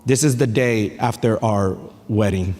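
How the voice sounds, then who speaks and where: A man in his thirties preaching a sermon as pastor, animated and playful, with family stories and asides to the congregation. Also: on the low side, unhurried. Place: church sanctuary. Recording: echoey church hall.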